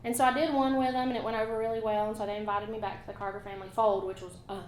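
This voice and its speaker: A woman's voice: a little high, level tone. Appalachian woman singing and chatting in a hall. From Appalachian North Carolina. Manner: chatty, friendly storyteller with quick asides. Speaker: folk ballad singer. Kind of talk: live concert singing and chatting with audience. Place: museum concert hall. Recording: echoey hall with faint room noise.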